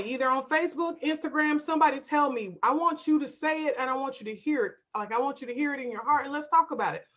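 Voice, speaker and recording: A woman's voice: high voice, fairly bright tone, highs cut off. A woman coach hosting a live stream, emphatic and direct, calling her viewers y'all and reading out their comments.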